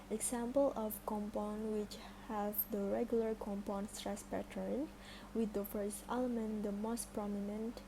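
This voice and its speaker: A young woman with an Indonesian accent slowly and carefully reading a student presentation. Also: medium pitch, background noise. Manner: slow careful reading of examples.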